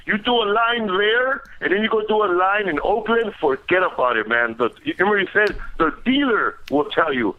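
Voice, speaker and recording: A man's voice: high voice, expressive, a little fast, few pauses. A male comedian calling in to a podcast, chatting in a laid-back way and saying man and bro a lot. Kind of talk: casual phone-in chat. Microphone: phone. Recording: tinny phone line.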